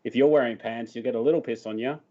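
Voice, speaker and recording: A man's voice: mid-range voice, quick pace, dark tone. A man moderating a casual video chat in a wry, laughing way. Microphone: video call. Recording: dull call audio with faint noise.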